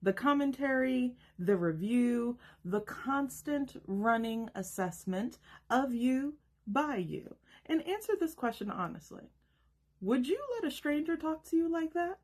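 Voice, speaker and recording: A woman in her thirties giving an emphatic, rhetorical self-help monologue with dramatic pauses. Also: high-pitched, animated, a little mellow. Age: 30s. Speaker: self-help video host. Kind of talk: scripted motivational monologue.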